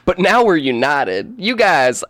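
A man's voice: fairly high pitch, sing-song, a little slow, a bit bright, no echo. A man hosting a podcast, riffing and joking with his co-hosts and swearing casually. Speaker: podcast host. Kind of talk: casual chat.

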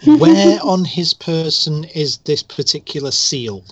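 Lively player at a tabletop game. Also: male voice, fairly high pitch, slow pace, muffled recording, a crowd in the background.

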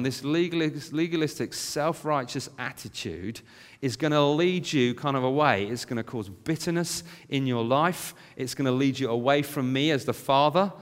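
A man in his thirties preaches in a relaxed, conversational way, weaving in stories about his own family. His voice sits at an ordinary middle pitch. The sound carries a long reverb, as if from a church hall. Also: moderate pace. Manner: conversational storytelling with family anecdotes. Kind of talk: sermon.

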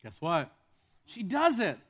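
High-voiced man preaching a story sermon. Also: wildly swooping pitch, slow, fairly bright tone, breathy edge. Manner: conversational, joking asides.

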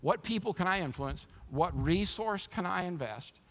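A man's voice: high voice, expressive, moderate pace, a bit bright. Impassioned male pastor preaching. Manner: impassioned, builds to raised emphatic peaks, repeats words as he restarts. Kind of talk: sermon.

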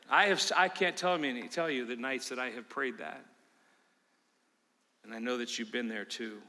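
Bright-voiced preacher in an echoing church. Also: male voice, medium pitch, moderate pace. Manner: emphatic preaching that swings from loud to hushed. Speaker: pastor. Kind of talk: sermon. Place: church sanctuary. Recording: reverberant church hall.

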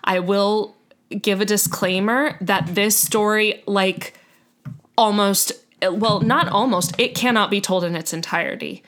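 A woman's voice: mid-range voice, steady tone, measured pace, a bit bright. A woman co-hosting a podcast, telling a long story in casual chat, chatty and full of fillers and self-corrections. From United States. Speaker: podcast co-host.

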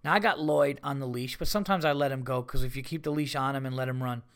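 A man hosting a comedy podcast, telling rambling, profane stories in a casual, animated way. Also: mid-range voice, fast.

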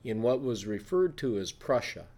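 A man's voice: mid-range voice, very animated, moderate pace, darkish tone. A man from Wisconsin who heads a brewery, telling its history in an informative, precise way. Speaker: brewery president. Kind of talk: interview answers.

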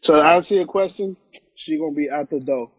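A young adult man co-hosts a podcast over an Instagram live stream on his phone, chatting casually in a brash, profane, emphatic way. His voice is a little high, a little fast and husky, with no room sound and poor audio quality.

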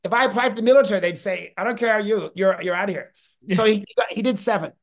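A man's voice: sits high, fast talker. A man in his fifties, a podcast guest, talking with energy and telling stories, often breaking off and restarting his sentences. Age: 50s. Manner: energetic, storytelling, often self-interrupting. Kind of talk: podcast interview.

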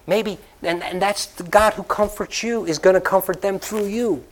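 A man preaches to his congregation in a fairly high, conversational voice, telling stories and repeating key lines. He is from the Northeastern United States and moves from casual anecdotes into a slow, earnest prayer. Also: steady tone. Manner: conversational storytelling preacher who laughs and repeats lines for emphasis. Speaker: pastor. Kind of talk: sermon and closing prayer. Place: church sanctuary.

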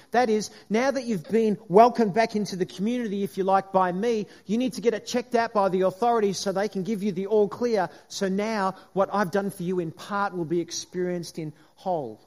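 Higher-voiced earnest male preacher. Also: normal speed, darkish tone. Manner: earnest, repeats words, frequent "if you like". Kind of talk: sermon.

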